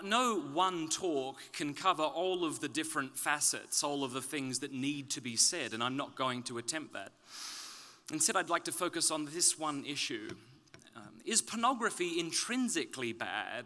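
Australian man with a bright, sharp voice. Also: on the high side. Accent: Australian, softened toward British. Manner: dry self-deprecating humor. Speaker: conference speaker. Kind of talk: humorous conference talk. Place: conference venue.

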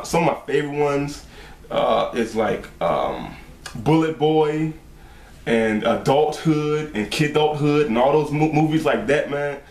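Excitable slangy man in an echoey room. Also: mid-range voice. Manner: excitable and slangy, laughs often. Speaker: video reaction host. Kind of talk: casual reaction commentary.

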